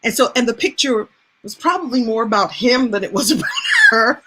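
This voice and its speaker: A woman host telling a personal story in a chatty, animated way. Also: a little high, a little fast, noisy background. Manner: animated, chatty, laughs as she tells. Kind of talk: casual storytelling monologue.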